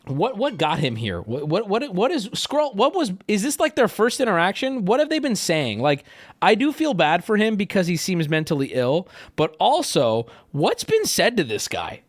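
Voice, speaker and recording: A man giving casual livestream commentary for his chat, sarcastic and animated, now and then breaking into mock shouting. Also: high-pitched, normal speed, no room sound, clean studio sound. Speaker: streamer reacting to messages for chat.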